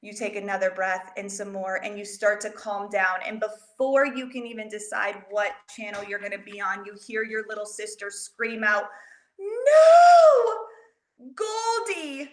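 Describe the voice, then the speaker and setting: A woman educator telling an expressive story to teach children, speaking directly to them in an animated way. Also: medium pitch, normal speed, few pauses. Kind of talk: storytelling lesson for kids. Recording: roomy echo.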